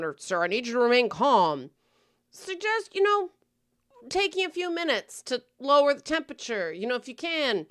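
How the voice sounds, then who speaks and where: A woman's voice: on the high side, a bit bright, no echo, studio quality. A woman hosting a talk show, giving blunt, wry, emphatic advice in a scripted commentary style. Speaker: host.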